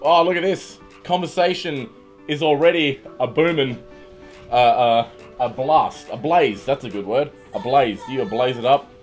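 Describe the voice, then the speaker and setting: A man's voice: medium pitch, unhurried. An Australian man hosting a livestream, chatting casually and joking as he greets viewers by name at his computer. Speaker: livestream host. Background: music playing.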